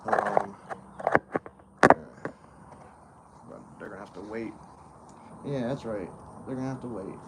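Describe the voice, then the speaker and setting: A man's voice: lowish voice, a little slow, long pauses, very noisy. A man hosting a casual livestream chat with a friend, talking in a loose, rambling way and laughing easily. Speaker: host.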